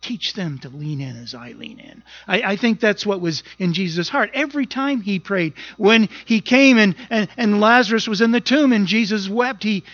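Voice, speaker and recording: High-voiced earnest male preacher. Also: fairly bright tone, dry recording, muffled recording. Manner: earnest, emphatic, often repeating words as he goes. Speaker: pastor. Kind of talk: sermon.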